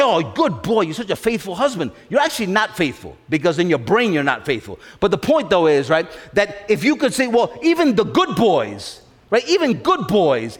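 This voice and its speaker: Man preaching, high voice, swooping lively delivery, emphatic and repetitive, long hall echo. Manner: emphatic, repeats phrases, asks the congregation questions. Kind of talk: sermon.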